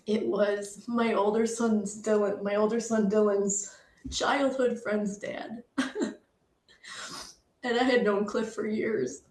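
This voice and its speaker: A woman's voice: mid-range voice, fairly even intonation, takes it slowly, darkish tone. A middle-aged woman sharing a painful personal story, emotional and apologetic, fighting back tears. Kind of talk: personal testimony talk. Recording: echoey room.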